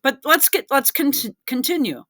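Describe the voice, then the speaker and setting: A woman's voice: high-pitched, big pitch swings, moderate pace, fairly bright tone, no echo, clean studio sound. A woman hosting a reaction video, giving casual, sarcastic commentary with swearing and bursts of laughter.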